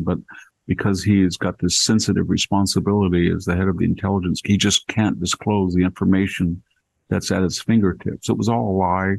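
A man's voice: low-pitched, creaky, a little mellow, slightly rough. An older man, a guest in a casual conversation, telling a rambling, wry anecdote.

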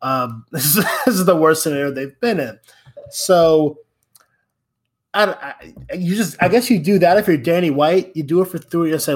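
A man's voice: on the high side, moderate pace, slightly rough. A man co-hosting a casual sports podcast, rambling with frequent restarts. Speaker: podcast co-host.

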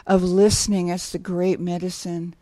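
A woman's voice: lowish voice, flat delivery, moderate pace, warm tone, no echo. A woman guest in a casual podcast conversation, telling stories in a rambling way with many restarts and easy laughter.

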